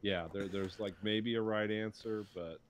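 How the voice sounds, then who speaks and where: A middle-aged podcast co-host rants in casual chat, swearing freely and mocking what he dislikes with mocking quotes. His voice is on the low side with a steady tone and an unhurried pace, and there's a little hiss or hum in the recording.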